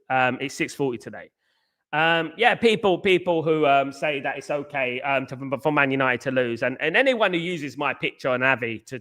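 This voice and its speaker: A man's voice: a little high, sharp tone. A man hosting a fan live stream, reading out chat comments in a blunt, repetitive, casual way, often calling people "mate". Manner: blunt, repetitive, peppers talk with "mate" and "big up".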